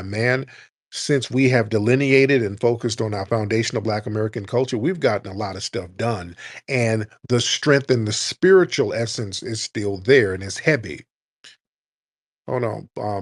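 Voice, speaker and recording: A man hosting a live call-in talk show, speaking in an emphatic, repetitive, preaching way. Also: medium pitch. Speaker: host.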